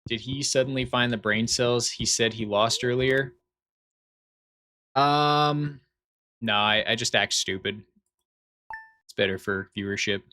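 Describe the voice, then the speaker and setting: Bright-voiced rambling male game streamer. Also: lowish voice, fairly even intonation, normal speed. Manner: rambling, digressive, reads chat aloud. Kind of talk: casual live-stream chat while gaming. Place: at home.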